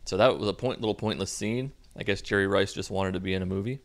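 A man's voice: deep voice, fairly even intonation, quick pace, gravelly. A young man hosting a podcast, recapping a movie in a sarcastic, profane, comic way. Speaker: podcast host.

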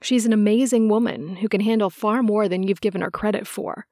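A woman voicing a wise, motherly female seer over a century old, speaking calmly. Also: mid-range voice, fairly quick, dry recording, studio quality, natural voice. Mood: soothing.

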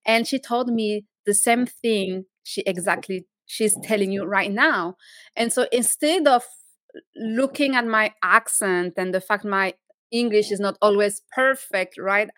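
A woman with a French accent, whose first language is French, hosting a podcast in an earnest, slightly halting way. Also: mid-range voice, a bit bright, dry recording. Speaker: podcast host. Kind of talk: podcast interview.

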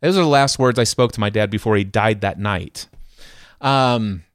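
Animated storytelling male podcast host. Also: fairly low pitch, moderate pace, clean tone, no room sound, studio quality. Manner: animated, acts out quoted voices. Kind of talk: conversational storytelling.

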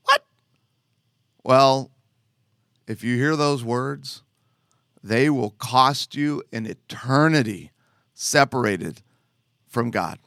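A man preaching a sermon in an animated way, joking and putting on voices. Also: mid-range voice, slow, no room sound, studio quality. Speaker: pastor.

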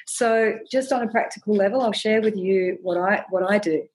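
A woman speaking as a podcast guest, sharing her practice in a gentle, earnest, reflective way and often repeating words as she thinks. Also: mid-range voice, moderate pace, husky. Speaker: podcast guest, ceremony holder.

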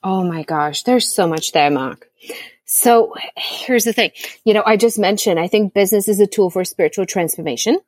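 A woman's voice: medium pitch, moderate pace, no echo, studio quality. A middle-aged woman who is a business coach, telling stories in a casual interview and acting out her own reactions as she goes. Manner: animated storyteller, acts out her own reactions. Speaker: podcast guest, business coach. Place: home in Costa Rica during rainy season.

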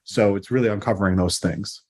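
A man's voice: lowish voice, a little fast, a little mellow, breathy edge. A man, a physical therapist guest on a podcast, explaining earnestly with many ums and restarts. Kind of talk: casual interview chat.

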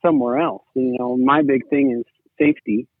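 A sibling-in-law guest chats casually, rambling and saying "you know" a lot. His medium-pitched voice is steady, a little fast and husky, captured dry over a tinny, phone-like line.

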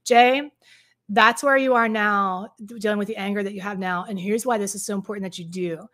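A woman's voice: mid-range voice, steady tone, brisk, a bit bright. A middle-aged woman coaching on a live stream. She chats with viewers, reads out their comments and acts out the voices of the people she quotes. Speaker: relationship coach.

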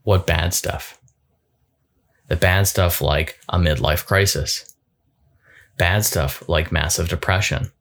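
A man giving a reflective solo talk as a coach, thoughtful and halting, often repeating words as he goes. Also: low-pitched, fairly bright tone.

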